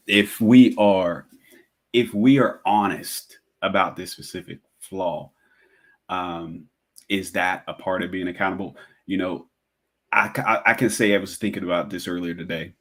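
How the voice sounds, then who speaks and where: Brief: low-voiced man, podcast guest, reflective and candid. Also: a little slow, a bit bright. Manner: reflective, thinking aloud with many fillers. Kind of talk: casual podcast chat.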